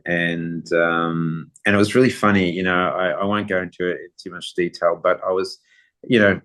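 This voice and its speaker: A middle-aged man with a very low voice that stays level and barely rises or falls. He tells long, rambling anecdotes in a relaxed, casual way as a podcast guest. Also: moderate pace. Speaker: guest photographer. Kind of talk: casual interview storytelling.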